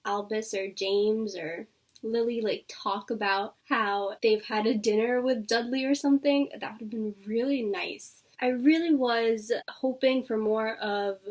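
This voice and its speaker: Woman, book vlogger, higher voice, effusive, casual chat, a bit distant from the mic. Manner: gushing, effusive, peppered with "like".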